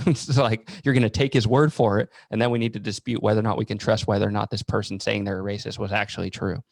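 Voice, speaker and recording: Male podcast host, low and gravelly, dry close sound, hesitant questions. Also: little pitch movement, quick pace, no room sound. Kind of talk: casual interview conversation.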